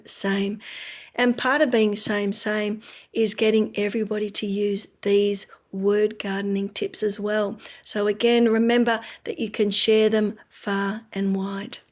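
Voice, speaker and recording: A woman, a speech pathologist giving parents practical advice in a friendly, explaining way that often checks in with the listener. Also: mid-range voice. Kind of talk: instructional talk to parents.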